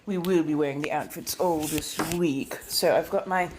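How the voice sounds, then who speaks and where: Speaking low in her natural voice over some background noise, a streamer portrays an elegant female vampire centuries old. Her accent is 1700s colonial American, and she chats with livestream viewers in a genteel, unhurried way, showering them with endearments such as darling.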